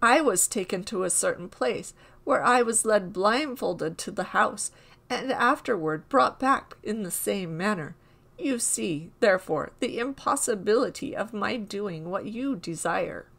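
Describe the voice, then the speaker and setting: A woman's voice: medium pitch, lively intonation, a little slow, creaky, a bit bright, full character voice. Proud, cagey old cobbler in a storybook reading, played by a woman. Boastful.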